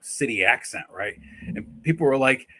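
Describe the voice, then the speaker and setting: A man co-hosting a casual livestream, talking with enthusiasm and telling stories in an animated way. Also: mid-range voice, normal speed, a little hiss or hum. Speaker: co-host guest.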